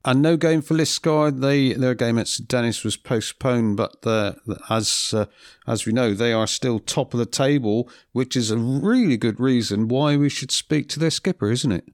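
A man co-hosting a football show, dry and teasing, brisk when going through results. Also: medium pitch, no echo. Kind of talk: casual football chat.

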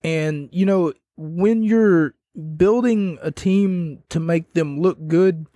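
A young man giving a rambling, casual wrestling recap that grows animated as he retells the scenes. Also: on the high side, takes it slowly, dry recording. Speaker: wrestling commentator.

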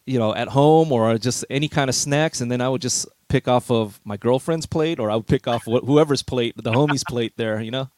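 A man's voice: medium pitch, fairly quick, hardly any pauses, a little mellow. Easygoing middle-aged man reminiscing. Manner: easygoing, reminiscing, chuckles often. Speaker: veteran DJ guest. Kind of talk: relaxed storytelling interview.

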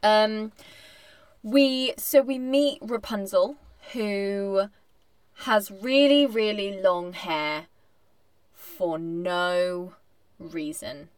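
Wry, animated woman chatting. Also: mid-range voice, extremely slow, clear, resonant tone, no room sound. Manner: animated, wry, laughs often. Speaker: podcast co-host. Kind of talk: casual chat.

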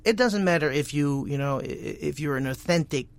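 Dutch-accented male guest voice actor, halting conversational delivery, slightly higher pitch. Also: animated. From Netherlands. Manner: halting, many restarts and repeated words. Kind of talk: casual interview chat.

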